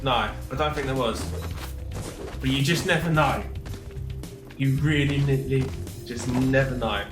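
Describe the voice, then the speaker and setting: A man's voice: mid-range voice, measured pace, long pauses. A man hosting a gaming channel who gives casual gameplay commentary, chatting, joking and reacting aloud to the game. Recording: echoey room with game music.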